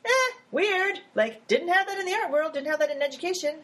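A woman founder talking casually in an interview, animated, with lots of fillers, laughs and acted-out quotes. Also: sits high, a little fast, low-quality recording. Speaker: app founder.

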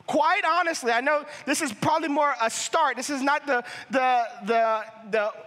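A young male pastor preaching with fervent passion, his voice high and bright as it carries through a church auditorium's long reverb. He stumbles over repeated words and pushes toward a shout as his point builds. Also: moderate pace. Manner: passionate, rising to near shouting, with many restarts. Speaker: family ministries pastor. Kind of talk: sermon.

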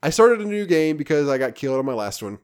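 A man co-hosting a casual podcast, telling a rambling, animated story about a video game with many restarts. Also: a little high, fast talker, clean tone. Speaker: podcast co-host.

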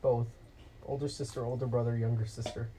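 A young man co-hosting a casual chat, dropping dry, deadpan quips. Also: medium pitch, fairly quick, a little hiss or hum, rough recording. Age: young adult. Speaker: podcast co-host.

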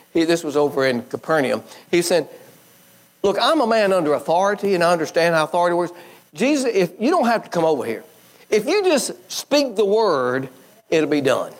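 Animated male preacher with folksy delivery. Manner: animated, swinging from high emphatic bursts to low quiet drops; folksy, conversational preaching with scripture quotes. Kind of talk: sermon.

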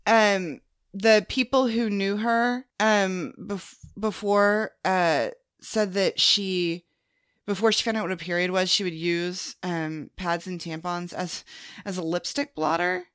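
A woman's voice: mid-range voice, slow pace, fairly bright tone, smooth, dry recording, clean studio sound. A woman chatting casually on a podcast, talking freely with lots of "like" and "um". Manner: chatty, many fillers like "like" and "um". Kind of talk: casual chat.

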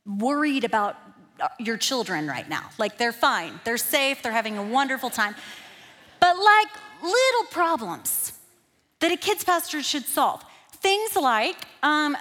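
A woman, a kids pastor preaching a sermon through lively, self-deprecating storytelling. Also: high voice. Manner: animated, self-deprecating, builds to emphatic peaks. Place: church. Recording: long hall reverb.

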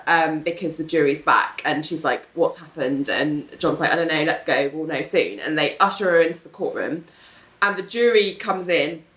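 A woman's voice: fairly low pitch, fairly bright tone. A woman in casual chat, recapping a TV episode and animatedly acting out the characters' lines. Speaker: podcast co-host recapping a TV episode.

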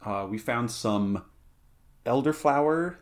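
Rambling, animated podcast co-host man. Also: mid-range voice, slow pace. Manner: rambling, many fillers and restarts. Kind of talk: casual chat.

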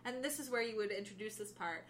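A young woman co-hosting a casual book podcast, animated and laughing often as she retells scenes. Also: medium pitch, fast, slight background noise. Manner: animated, laughs often, acts out characters' lines. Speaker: podcast co-host.

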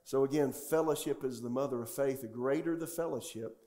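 A man's voice: medium pitch, brisk, mellow. A male pastor preaching a sermon in a church sanctuary, often putting questions to the congregation. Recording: echoey church room.

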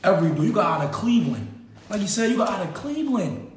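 A man in casual chat, animated and repeating his points. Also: sits high, fast, heavy reverb, slight background noise.

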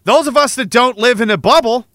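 A man's voice: very high-pitched, fairly quick, a bit bright, no room sound, clean studio sound. A man hosting a podcast, delivering an angry, sarcastic, profane monologue. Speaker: podcast host. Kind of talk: ranting monologue.

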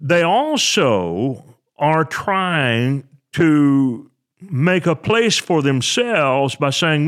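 A man preaching a sermon in a fairly high voice that rises and falls with lively movement. He works through scripture in an earnest, expository way, explaining each verse to his listeners. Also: slow pace. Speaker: Bible teacher. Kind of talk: sermon teaching.

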